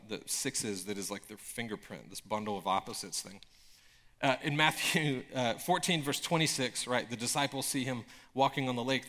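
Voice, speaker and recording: A man preaching a sermon in a casual, conversational way, with frequent filler words and emphatic bursts of excitement. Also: mid-range voice. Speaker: pastor.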